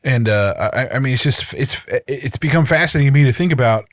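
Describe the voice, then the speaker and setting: A man's voice: medium pitch, brisk, no echo. A man co-hosting a casual chat podcast, talking in a rambling way with many restarts and fillers. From United States. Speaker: podcast co-host.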